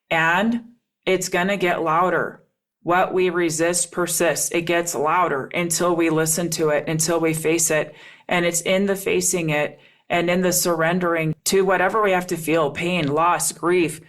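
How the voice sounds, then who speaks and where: Speaking in a lowish voice, a middle-aged woman coaches listeners on relationships in her solo podcast. She is earnest throughout, repeating key lines for weight.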